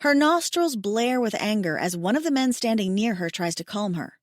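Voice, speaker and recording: A woman narrating a first-person romance audiobook in an expressive, intimate manner. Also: medium pitch, normal speed, no echo, studio quality.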